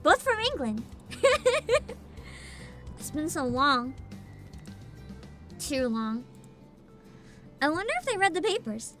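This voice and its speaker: This young woman's high voice is very animated yet slow, with frequent pauses and a bright, forceful tone. She's livestreaming a story game, talking playfully to chat and giggling a lot, with faint game music in the background.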